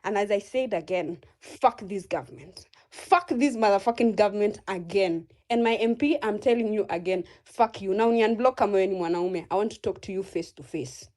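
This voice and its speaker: A woman's voice: mid-range voice, moderate pace, hardly any pauses, mellow. A woman with a Kenyan accent giving a furious, profane protest speech in an online audio space, rallying listeners.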